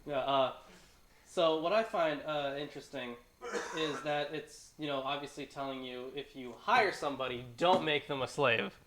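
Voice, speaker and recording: Laughing, halting man, bright and slightly high voice. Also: a little hiss or hum. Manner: laughing, hesitant with fillers. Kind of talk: casual discussion.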